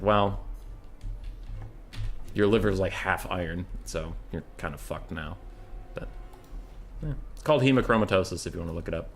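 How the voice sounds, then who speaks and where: A young man with a slightly low voice calls a strategy game match in a loose, chatty way. He drifts between play-by-play and off-topic banter, swearing casually. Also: a little hiss or hum. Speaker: game caster. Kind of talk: casual esports commentary.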